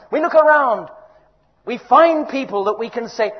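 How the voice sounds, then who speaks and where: An older man preaching a sermon, emphatic and exhorting, his voice rising loud and dropping quiet. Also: very high-pitched, expressive, normal speed. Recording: dull lo-fi recording.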